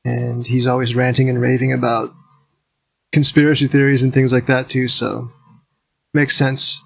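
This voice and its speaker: A man's voice: mid-range voice, little pitch movement, moderate pace, vocal fry, breathy edge, dry recording. A man hosting his own podcast, talking alone in a rambling, blunt, offhand way with casual swearing. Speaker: podcast host. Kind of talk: casual solo podcast monologue.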